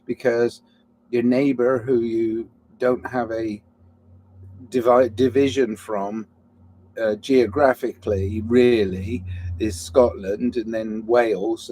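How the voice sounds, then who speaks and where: A man's voice: medium pitch, steady tone, measured pace, a little mellow, a little hiss or hum. Rambling musing man, self-interrupting. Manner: digressive, restarts mid-thought, swings between musing and heated outbursts; self-mocking apologetic asides. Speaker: solo podcaster. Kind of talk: rambling reflective monologue.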